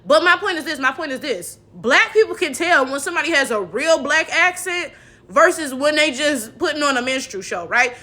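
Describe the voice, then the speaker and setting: A woman hosting a reaction commentary video, talking in an animated, sassy way with laughing asides. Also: high-pitched, normal speed.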